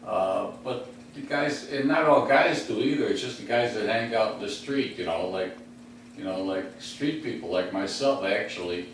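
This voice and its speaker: A man from the west side of Chicago, USA, hosts a comedy podcast from the recliner in his home, rambling through comic street stories with many fillers and chuckles to himself. His voice is fairly low in pitch at normal speed. The room is very echoey, the mic sits at a distance, and a faint hum is audible.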